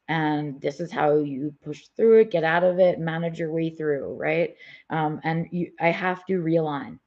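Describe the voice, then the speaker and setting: A woman's voice: on the low side, darkish tone. Candid woman vlogging with a headache, lo-fi. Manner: candid, rambling, many fillers and restarts. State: has a migraine. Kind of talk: live-streamed personal vlog. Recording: dull lo-fi audio.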